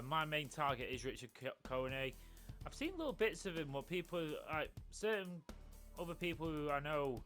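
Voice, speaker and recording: A man's voice: fairly high pitch, a bit bright. A man giving chatty, rambling commentary over a football video game. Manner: chatty, rambling, with frequent restarts. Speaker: gaming channel host.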